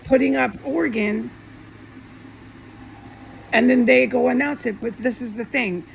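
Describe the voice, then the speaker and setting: A woman delivers a heated solo rant, swearing often and circling back over the same points. Her voice sits a little high and carries a gravelly, fried texture. She talks straight at her viewers. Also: a little slow, slight background noise, low-quality recording. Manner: profane, agitated, repetitive. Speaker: vlogger. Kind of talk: angry monologue rant. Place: alone at home.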